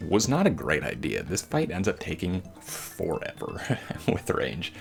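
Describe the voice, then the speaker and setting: Man, deep voice, gravelly fry, casual gameplay commentary, slangy, rambling, faint music behind. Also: huge pitch swings, unhurried.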